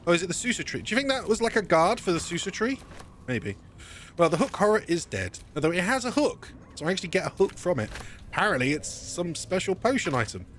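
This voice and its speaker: A man's voice: high-pitched, very animated, quick pace, fairly bright tone, a little hiss or hum. A man casually commentating his gameplay as a let's play streamer, thinking aloud and correcting himself as he goes.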